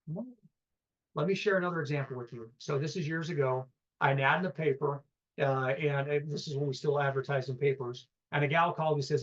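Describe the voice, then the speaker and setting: A man's voice: on the high side, fairly even intonation, fast talker, muffled recording. A man teaching a live real estate seminar, telling stories and acting out both sides of phone calls, often asking the room questions.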